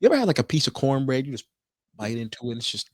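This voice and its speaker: A man co-hosting a podcast, telling a food story in a lively, casual way with plenty of swearing. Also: medium pitch, very fast, dry recording. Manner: animated storyteller, swears freely. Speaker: podcast co-host. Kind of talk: casual chat.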